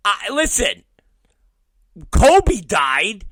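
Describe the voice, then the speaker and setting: A man hosts his own show, telling a story in a swearing, comic rant. His voice sits high and bright, with sudden loud bursts and quiet mutters between unhurried stretches. The sound is dry and close. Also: dry recording. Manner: animated, swearing, laughing storyteller; shifts between loud outbursts and muttered asides. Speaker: podcast host. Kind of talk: profane comedic ranting.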